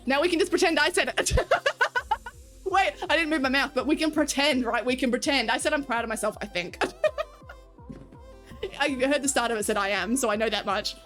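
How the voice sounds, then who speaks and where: A woman's voice: high voice, sing-song, normal speed, music in the background. A woman with an Australian accent, from the country, chatting frankly with her livestream viewers, swearing freely and laughing often. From rural Australia. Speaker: streamer. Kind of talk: casual livestream chat with viewers.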